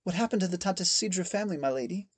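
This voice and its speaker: A man voicing a frightened young female maid with a soft, tremulous voice. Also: high-pitched, lively intonation, racing, voice pushed up.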